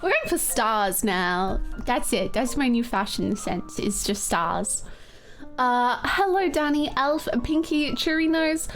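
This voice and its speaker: A woman's voice: on the high side, big pitch swings, slow pace, soft background music. A woman streaming a game, chatting casually and greeting viewers, her voice a bit scratchy, laughing often.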